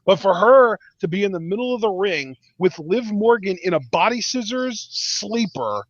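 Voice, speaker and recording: A man's voice: high-pitched, animated, moderate pace, no echo. A man co-hosting a casual wrestling review podcast, giving emphatic, opinionated takes with frequent restarts. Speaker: podcast co-host. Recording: dull lo-fi dry podcast audio.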